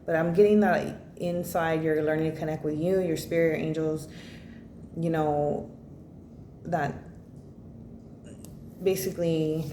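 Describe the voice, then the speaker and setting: A woman's voice: sits low, fairly even intonation, a little slow, long pauses, warm tone. A woman giving a casual spoken tarot reading, blunt and rambling, swearing freely and filling her talk with "you know" and "like.". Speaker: tarot reader. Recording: echoey room with faint noise.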